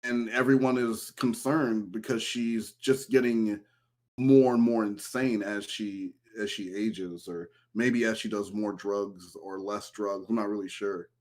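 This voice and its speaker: A man telling a long story in casual podcast chat, turning animated whenever he quotes someone. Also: fairly low pitch, measured pace. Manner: storytelling, animated when quoting an ex. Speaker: podcast guest.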